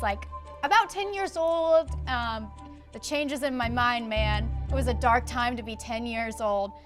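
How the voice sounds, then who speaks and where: A young woman telling a comic story as a game-show panelist, earnest and rambling with many ums. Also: a little high. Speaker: panelist telling a tall tale. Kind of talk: comedic storytelling.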